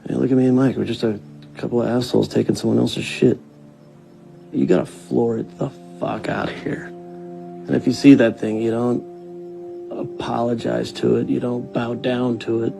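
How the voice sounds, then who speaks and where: A man's voice: medium pitch, flat delivery, normal speed, gravelly, music in the background, poor audio. An actor playing a brash, reckless, foul-mouthed man in film dialogue. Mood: earnest. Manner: swearing, loud and mocking.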